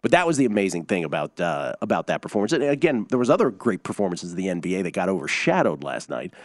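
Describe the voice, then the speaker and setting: Lively low-voiced sports betting radio host. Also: male voice, fast talker, no echo. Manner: animated, rambling, stacks up scores and stats.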